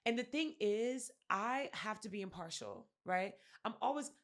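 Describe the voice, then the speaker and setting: A woman's voice: medium pitch, moderate pace. A woman podcast co-host, telling a story in casual chat, acting out what people said and swearing freely. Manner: animated storyteller, acts out quotes, swears freely.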